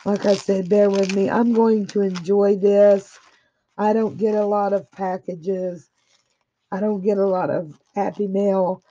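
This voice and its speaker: A woman's voice: medium pitch, flat delivery, a little slow, warm tone. A woman crafter in a casual unboxing chat, gushing with effusive praise while her throat is a little dry. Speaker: craft vlogger opening happy mail. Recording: dull lo-fi audio.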